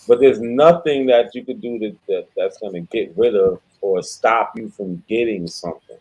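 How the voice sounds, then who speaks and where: A man in a casual podcast chat, blunt and emphatic, with the occasional curse. His voice is low, mellow and husky. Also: moderate pace, poor audio.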